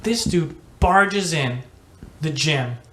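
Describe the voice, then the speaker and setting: A man's voice: a little high, animated, bright, forceful tone. A young man co-hosting a podcast, cracking profane jokes and telling a school story in casual chat. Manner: joking, profane, quick interjections. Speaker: podcast co-host.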